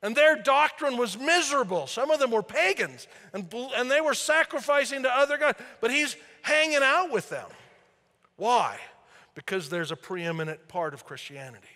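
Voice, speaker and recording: A man preaching a sermon as pastor, animated, swinging between loud emphasis and quiet asides. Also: very high-pitched, moderate pace, long reverb tail. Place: church sanctuary.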